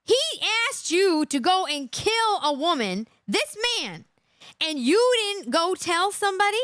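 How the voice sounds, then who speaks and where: A woman's voice: very high-pitched, big pitch swings, a little slow, a bit bright, no room sound, clean studio sound. A woman hosting a live true crime reaction, indignant and emphatic, repeating her points for effect.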